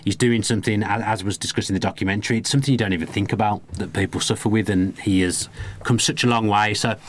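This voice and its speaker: Man, podcast host, very deep voice, rapid football chat, teasing asides in a booth. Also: steady tone, a little hiss or hum. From Birmingham, England. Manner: leads the talk, teasing asides.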